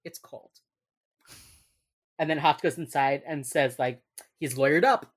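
A young woman co-hosting a casual chat, recapping a TV episode and acting out quotes with sudden loud bursts. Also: deep voice, normal speed. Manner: chatty, acts out quotes with sudden yells. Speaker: podcast co-host recapping a TV episode.

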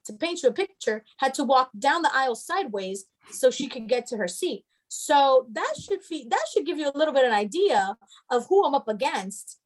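Young woman, high voice, sassy and profane, casual story chat. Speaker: storyteller guest.

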